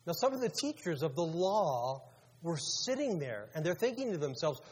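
A man's voice: a little high, very animated, moderate pace, darkish tone, husky. A male pastor preaching a sermon in a conversational way, asking his congregation questions as he goes. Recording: long reverb of a large hall.

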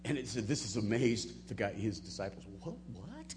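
A man preaching a sermon, moving between soft, low asides and loud, emphatic peaks. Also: brisk, a little hiss or hum. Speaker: pastor.

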